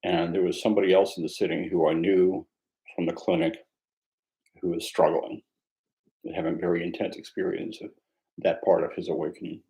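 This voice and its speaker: Man, meditation teacher, low mellow voice, reflective, conversational, self-mocking humor. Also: little pitch movement, brisk, pauses often, low-quality recording. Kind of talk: mindfulness dharma talk.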